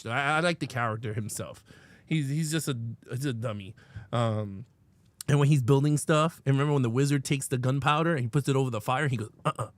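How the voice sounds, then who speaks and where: A man co-hosting a casual live film review, talking fast and loose and laughing a lot. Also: on the high side, no echo. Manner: animated, laughing often, reenacts movie lines. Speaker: co-host.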